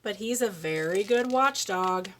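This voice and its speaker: A woman giving a children's speech lesson, reading a picture book aloud and slowly modeling words for a young child to repeat. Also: medium pitch, lively intonation, fairly bright tone, slight background noise. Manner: slow, encouraging, exaggerates word sounds for a child. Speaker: speech therapist.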